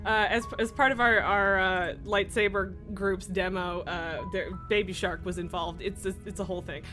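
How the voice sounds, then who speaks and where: A young woman streaming a game talks in a steady, medium-pitched voice at normal speed. Game music plays underneath her casual, giggly chatter, which is full of fillers.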